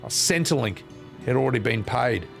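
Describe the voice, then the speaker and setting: A man's voice: medium pitch, animated, moderate pace, creaky, faint music behind. A man putting on a grandiose queen with a bogan Australian accent. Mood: mournful. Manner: mock-solemn, swears mid-speech. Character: gentle young queen turned cold ruler.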